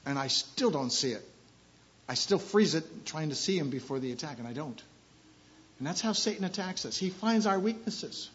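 A man with a high voice preaches a sermon, dropping to quiet asides and then rising into loud, emphatic scripture readings. He repeats his key phrases for emphasis. The recording sounds dull and lo-fi. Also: lively intonation, moderate pace, pauses often.

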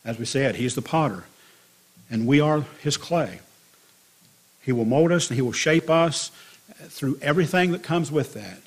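Husky preacher man telling a story. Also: normal speed, pauses often. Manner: storytelling with lively swings in pitch and loudness. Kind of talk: sermon.

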